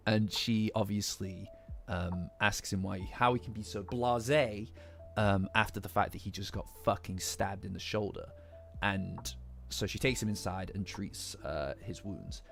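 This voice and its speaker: A man's voice: fairly low pitch, normal speed, creaky. Casual Midlands-accented male streamer, post-flu, rambling and swearing; faint lofi music behind. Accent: English Midlands. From England. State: recovering from flu. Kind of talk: casual live-stream chat.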